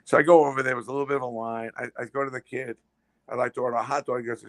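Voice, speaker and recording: A man telling stories as a podcast guest, fast and full of restarts and repeated words. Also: medium pitch, flat delivery, no room sound. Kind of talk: casual storytelling.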